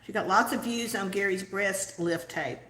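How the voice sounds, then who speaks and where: A woman's voice: medium pitch, normal speed, a bit bright. An older woman hosting a casual live chat with viewers, giggly and chatty as she reads out their comments. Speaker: host of a lifestyle channel for mature women. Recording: echoey room.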